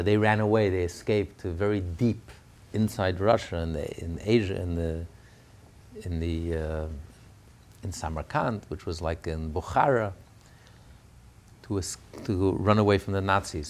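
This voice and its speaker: A man with a fairly low voice preaches through a personal family story. He talks in a loose, conversational way, full of small restarts, then builds to fervent, emphatic passages. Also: gravelly, a little mellow. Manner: conversational, with fillers and restarts, rising to fervent peaks. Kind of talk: storytelling sermon.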